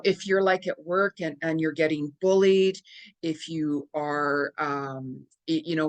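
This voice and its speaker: This middle-aged woman, pitched fairly low, chats casually to the camera as a psychic handing out astrology tips. Lively and talkative, she acts out the reactions she quotes, her voice jumping sharply.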